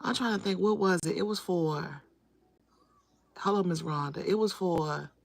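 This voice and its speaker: Unhurried and creaky, this woman's lowish voice carries a casual livestream in which she addresses viewers directly. She greets people by name and repeats phrases for emphasis.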